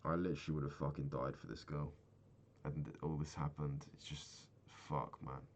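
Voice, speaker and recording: Young male vlogger from England, deep voice, downcast confessional diary, frequent swearing, trailing sentences. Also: fairly even intonation, moderate pace, lo-fi sound, slight background noise. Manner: low-key, heavy swearing, trailing off. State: sad, recently crying. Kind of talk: personal video diary.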